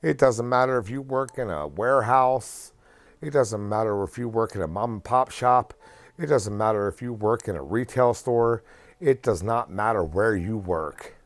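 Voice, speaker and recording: A man's voice: lowish voice, normal speed, dry recording. A man giving casual, earnest advice in a rambling rant that often repeats and restarts phrases. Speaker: vlogger.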